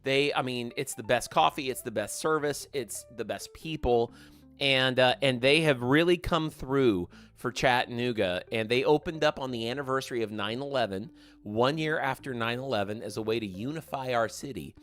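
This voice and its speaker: A man hosting a gaming livestream, chatting casually and warmly thanking viewers by name as he reads their comments. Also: mid-range voice, moderate pace. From American South.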